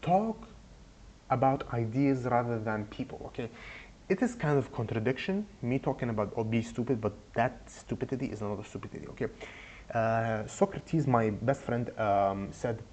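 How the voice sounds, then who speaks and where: A young man giving casual advice in a goofy, rambling way, speaking deliberately broken English. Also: mid-range voice, animated, darkish tone, a little hiss or hum. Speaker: advice vlogger.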